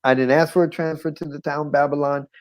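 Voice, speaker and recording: Animated middle-aged man telling his story. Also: fairly high pitch, quick pace, low-quality recording. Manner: animated, acts out quoted voices, chuckles often; conversational with frequent "you know what I'm saying". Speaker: guest sharing his life story. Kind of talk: personal testimony, storytelling.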